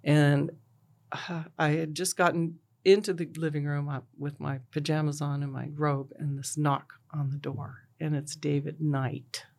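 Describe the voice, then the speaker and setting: A middle-aged woman, a bereaved mother, retelling a personal story in a halting way, with many fillers and "and he goes". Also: low-pitched, level tone, darkish tone.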